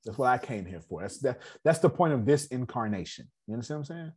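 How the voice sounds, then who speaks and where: A man's voice: medium pitch, expressive, quick pace, a little mellow, husky. A man hosting an online business meeting, giving a casual motivational talk, repeating himself and often checking that listeners understand.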